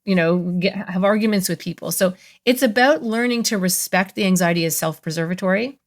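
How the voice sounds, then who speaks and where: A woman therapist talking as a podcast guest, explaining in an animated, conversational way. She slips into playful voices for the thoughts she describes, and her pitch sits in the middle. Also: fairly quick.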